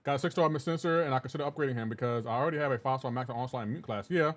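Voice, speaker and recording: A livestreaming gamer chats casually with his live chat while playing, rambling and laid-back and often laughing. He has a medium-pitched voice and talks rapid-fire.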